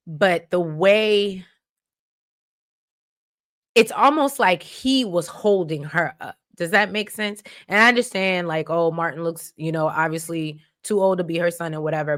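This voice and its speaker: A woman with a lowish voice recaps a soap opera episode in casual, chatty commentary. She speaks to her viewers as y'all and lets her feelings show, exclaiming over the big scenes. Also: unhurried, a bit bright. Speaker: recap host.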